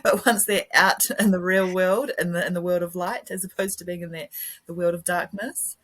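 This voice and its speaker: A woman hosts a casual podcast interview, chatty and rambling, laughing often. Her voice is lowish and steady in tone, with a moderate pace.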